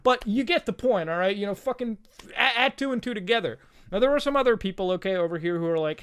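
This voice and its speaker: High-voiced man ranting profanely. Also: lively intonation, fast talker, a bit bright, clear, resonant tone. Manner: profane, heated and sarcastic; chatty, addresses viewers directly. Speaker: host. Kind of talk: online commentary rant.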